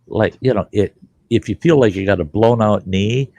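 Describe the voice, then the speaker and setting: A man's voice: fairly low pitch, normal speed, warm tone, no room sound. A middle-aged man hosting a show, telling rambling stories with plenty of cursing and laughter. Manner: rambling, profane, laughs mid-story. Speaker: podcast host. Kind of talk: casual storytelling chat.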